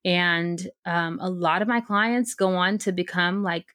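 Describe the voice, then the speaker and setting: A woman's voice: fairly low pitch, a little slow, a bit bright, no room sound, clean studio sound. A woman guest coach in a casual podcast interview, talking with energy and emphasis, frank and unfiltered, with the odd casual swear.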